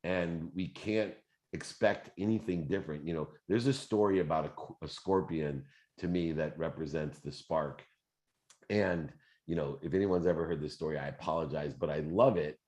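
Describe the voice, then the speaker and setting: Deep-voiced man in his fifties hosting a live Q&A. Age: 50s. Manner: animated, conversational storyteller with fillers. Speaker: host. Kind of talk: live Q&A motivational talk.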